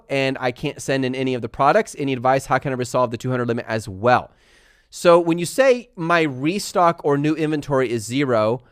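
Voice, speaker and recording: A young man hosting a live stream, chatting fast and laughing as he answers viewer questions. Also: mid-range voice, no echo, clean studio sound. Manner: fast-talking. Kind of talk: live Q&A chat.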